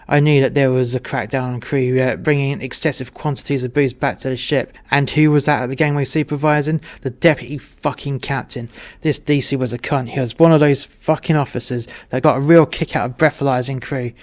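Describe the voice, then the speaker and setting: A man narrating a first-person story in a blunt, conversational way, swearing freely. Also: mid-range voice.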